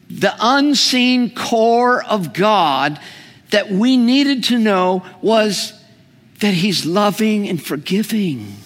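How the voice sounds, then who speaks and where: Male preacher, slightly high voice, slow and humorous sermon delivery, reverberant hall. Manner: animated, humorous, asks the audience questions.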